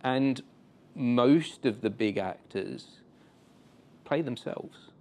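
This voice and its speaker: A man hosting an interview, speaking in a reflective, agreeing way and often answering with soft murmurs. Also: medium pitch, lively intonation, drawn-out words. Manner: reflective, agreeing, gentle backchannel. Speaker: host. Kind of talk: interview conversation. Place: theatre.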